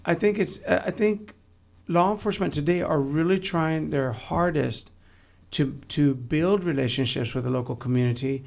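A man's voice: on the high side, moderate pace, creaky, darkish tone. A man from Texas, a guest telling blunt, joking stories in a casual interview. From San Antonio, Texas.

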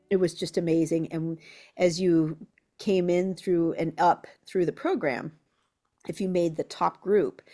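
A woman musician being interviewed, telling lively anecdotes and acting out quotes. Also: low-pitched. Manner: animated storyteller who acts out quotes. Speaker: guest musician.

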